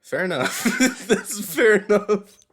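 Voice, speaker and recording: A man's voice: sits high, expressive, takes it slowly, fairly bright tone. A young man co-hosting a casual gaming podcast, teasing his friend and laughing often. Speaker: podcast co-host.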